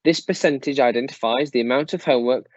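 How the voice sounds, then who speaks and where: A man giving a formal, measured presentation to parents as a school staff member. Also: medium pitch, darkish tone, dry recording. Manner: measured, formal, explanatory delivery. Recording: slightly dull, dry close recording.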